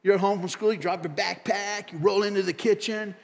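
Male pastor, raised pitch, animated emphatic sermon delivery, church hall reverb. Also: brisk, gravelly, few pauses. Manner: animated, repeats phrases for emphasis. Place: church sanctuary.

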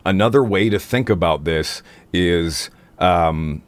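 A man hosting a casual livestream about singing technique, rambling and playful with lots of fillers. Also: takes it slowly. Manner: rambling, playful, drops into silly high demo voices. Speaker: singer and stream host.

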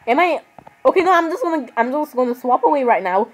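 This gaming vlogger is a young woman with a fairly high voice, giving casual commentary that rambles and sounds exasperated with the other players. She keeps apologizing, speaks fast with lively intonation, and the recording is low quality.

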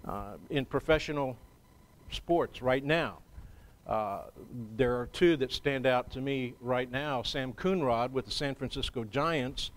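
A man preaching a sermon as pastor in a church, in a measured, conversational way with frequent pauses. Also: mid-range voice.

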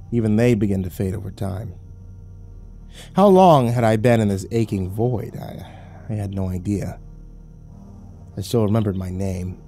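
Brief: man narrating creepy stories, low-pitched and grave, soft music behind. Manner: slow, grave and brooding. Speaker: horror story narrator. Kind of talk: scripted horror narration. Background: faint music.

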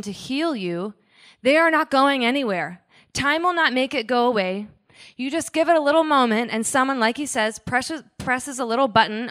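A woman's voice: a little high, fairly bright tone. A woman pastor giving a conversational sermon, breaking into little acted-out quotes and asides as she preaches.

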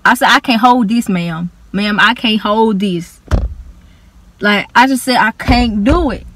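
A woman's voice: medium pitch, unhurried, fairly bright tone, a little hiss or hum. A young woman, animatedly retelling an embarrassing school story in casual storytime style, with slang and dramatic emphasis. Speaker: vlogger.

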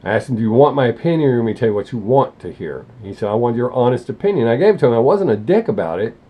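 A man's voice: medium pitch, expressive, very fast, husky, muffled recording. A man hosting a music reaction channel, talking bluntly and rambling, often correcting himself mid-sentence. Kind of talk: casual opinionated talk to camera.

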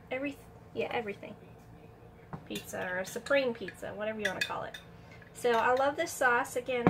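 A woman's voice: on the high side, noisy background. A woman chatting folksily through a cooking demonstration in her home kitchen, sniffling a little from allergies. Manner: chatty, folksy, keeps saying "y'all".

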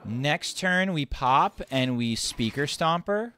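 Man, card game streamer, casual commentary, thinking aloud, joking, animated pitch. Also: slow, a little hiss or hum.

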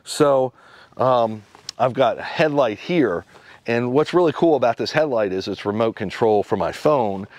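A man's voice: mid-range voice, animated, measured pace, a little mellow, no room sound. A man casually demonstrating and explaining his homemade dog sled vehicle in a workshop, in a rambling way with restarts and fillers. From USA.

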